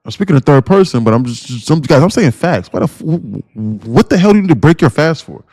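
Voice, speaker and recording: A man's voice: fairly high pitch, very animated, fast, darkish tone, no echo, clean studio sound. A man hosting a day-trading livestream in casual chat, rambling and slangy, firing off blunt rhetorical questions and repeating himself.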